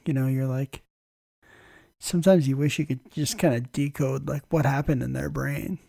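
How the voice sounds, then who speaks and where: Gravelly-voiced man hosting a chat. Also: medium pitch, moderate pace, no echo, studio quality. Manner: relaxed storytelling, frequent throat clearing. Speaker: podcast host, ER nurse. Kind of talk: casual conversation.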